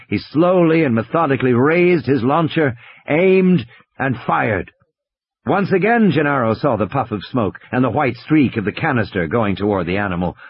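A man narrating an audiobook thriller with expressive, dramatic storytelling. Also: mid-range voice, husky, no room sound. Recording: dry, slightly dull audiobook recording.

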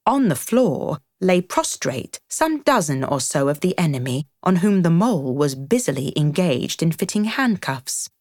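Expressive woman reading a storybook. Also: deep voice, unhurried, hardly any pauses, dry recording, studio quality. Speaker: narrator.

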